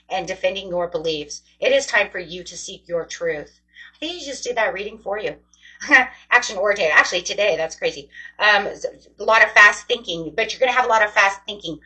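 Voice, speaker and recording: A woman's voice: medium pitch, a bit bright, low-quality recording. A woman giving a casual tarot reading to her viewers, chatty, rambling and encouraging. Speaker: tarot reader.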